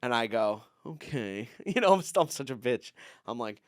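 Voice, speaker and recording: A man and comedian on a podcast telling rambling stories, acting out the people he quotes in a higher voice. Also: sing-song, moderate pace, dry recording, studio quality. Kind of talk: casual storytelling chat.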